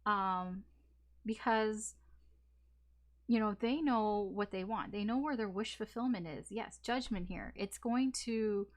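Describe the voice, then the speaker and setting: A woman doing a tarot reading in a loose, conversational way. Her voice sits at an ordinary middle pitch. She wanders through her points with lots of fillers, restarts and the occasional curse. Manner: chatty and rambling, full of fillers, restarts and casual swearing. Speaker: tarot reader.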